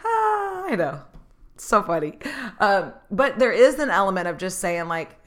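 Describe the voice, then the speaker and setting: A woman's voice: lowish voice, sing-song, moderate pace, a bit bright. A woman telling a personal story in an earnest, motivational way, laughing often and getting emotional. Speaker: speaker sharing stories.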